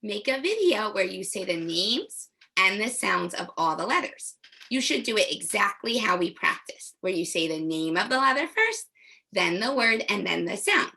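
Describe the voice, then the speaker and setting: A woman teaching young children letter sounds, modeling each sound slowly and clearly for them to repeat. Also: medium pitch, big pitch swings, pushed and bright. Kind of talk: phonics lesson for young children.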